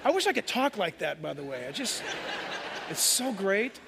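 A man's voice: high-pitched, big pitch swings, normal speed, creaky, noisy background. A man preaching a sermon with passion, acting out the voices of people in his story. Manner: impassioned preaching, acts out quoted voices. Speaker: pastor. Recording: echoey hall reverb.

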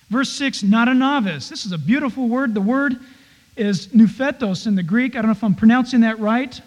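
A man's voice: very high voice, big-room sound, poor audio. A man preaching a conversational sermon as a pastor, slipping into playful acted-out asides.

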